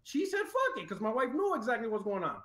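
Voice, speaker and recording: A man telling rowdy stories in a casual chat, animated and swearing, raising his voice when quoting people. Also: very high voice, quick pace, reverberant. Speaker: podcast guest telling stories. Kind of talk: casual storytelling.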